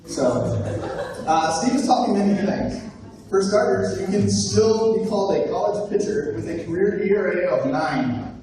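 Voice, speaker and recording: A man's voice: sits high, moderate pace. A young man emceeing a live roast, reading a top-ten list with frequent hesitant fillers. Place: large echoey room at a live event. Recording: echoey room, far mic, noisy. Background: audience laughter.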